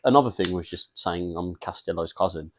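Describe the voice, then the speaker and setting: A man's voice: deep voice, brisk, slight background noise. A young English man co-hosting a casual chat, rambling through stories and laughing often. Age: young adult. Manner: laid-back, laughs a lot, rambling storyteller. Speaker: podcast co-host.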